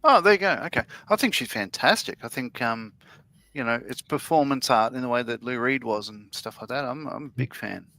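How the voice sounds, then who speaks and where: A man co-hosting a casual livestream, chiming in with enthusiastic, quick interjections. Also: mid-range voice, animated, pushed and bright, no room sound. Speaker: livestream co-host.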